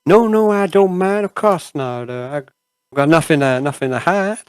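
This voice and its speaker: A man voicing a startled, brittle woman in a tabletop game, speaking haltingly with many hesitations. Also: on the high side, clear, resonant tone, dry recording, pitched above the performer's own voice, lightly acted. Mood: nervous.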